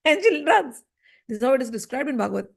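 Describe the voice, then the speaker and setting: A woman teaching a scripture lesson, telling the story in an animated way and acting out the voices in it. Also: high-pitched, fast talker, gravelly.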